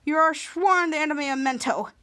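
A woman voicing a nerdy male sci-fi fan who declaims slowly and grandly. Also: sits high, pushed and bright. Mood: grandiose.

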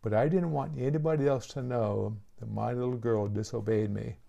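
A patient, gentle father speaking to his young daughter, as a preaching man voices him. His voice is gravelly and mellow, with a calm, reassuring tone. He belongs to a story told from the pulpit. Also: medium pitch, normal speed, muffled recording. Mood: earnest.

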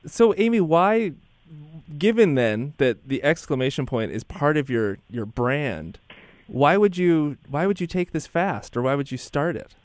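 A man co-hosting a casual radio show, upbeat and quick to react to guests. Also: on the high side, expressive, no room sound. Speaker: podcast co-host.

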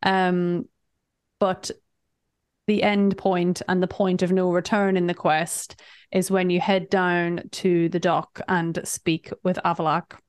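A woman's voice: on the low side, little pitch movement, takes it slowly, clean tone, dry recording, studio quality. A woman co-hosting a podcast, recapping a game in casual, chatty talk, often laughing. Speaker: podcast co-host.

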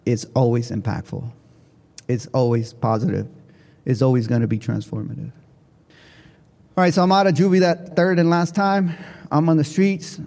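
A man giving a motivational keynote speech to educators, telling his story in an animated way with big swings in pitch and volume. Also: vocal fry. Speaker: keynote speaker. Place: large conference hall. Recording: long hall reverb.

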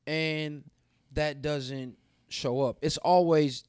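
A man from the American South talking frankly in a casual podcast chat, animated and acting out the voices of people he quotes. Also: a little high, takes it slowly, clear, resonant tone, no room sound, clean studio sound. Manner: candid, animated storyteller who acts out quoted dialogue. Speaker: podcast co-host.

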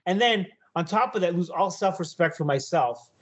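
A man with a high-pitched voice spins a wild story on a podcast, animated and full of swearing. He breaks into loud shouted impressions of himself when he quotes his own reactions. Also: normal speed. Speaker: podcast co-host. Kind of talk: casual storytelling chat.

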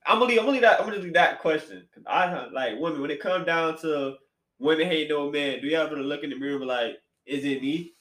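A man hosting a casual podcast chat, animated and slangy, swinging between loud bursts and quiet asides. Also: fairly high pitch, fast talker. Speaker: podcast host. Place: apartment room. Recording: echoey room.

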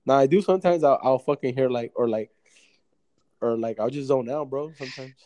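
A man's voice: mid-range voice, fairly quick, warm tone. A young man telling rambling, profane stories in a casual podcast chat. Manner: rambling, profane, slangy storytelling. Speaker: storyteller.

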